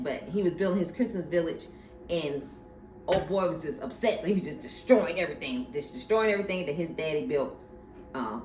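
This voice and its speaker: Animated woman recapping a TV show. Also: low-pitched. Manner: animated, gossipy storytelling. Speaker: podcast host. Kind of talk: casual TV recap chat. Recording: echoey room with faint noise.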